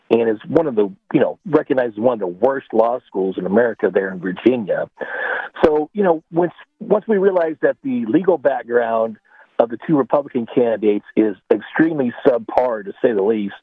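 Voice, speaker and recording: A man's voice: medium pitch, husky, no room sound. A man calling in to a radio talk show, making an earnest, emphatic point. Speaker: radio call-in caller. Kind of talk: phoned-in political comment. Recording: tinny phone line.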